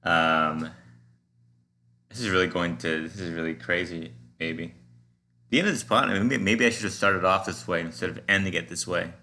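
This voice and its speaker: A man hosting his podcast alone, musing and meandering with many halting fillers. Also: deep voice, fairly even intonation, bright, forceful tone. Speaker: podcast host. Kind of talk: casual rambling solo monologue.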